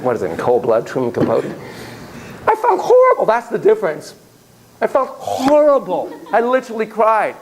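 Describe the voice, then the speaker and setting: A man giving a classroom lecture on child therapy, telling digressive, self-deprecating stories in an animated way. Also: high-pitched, a little hiss or hum, poor audio.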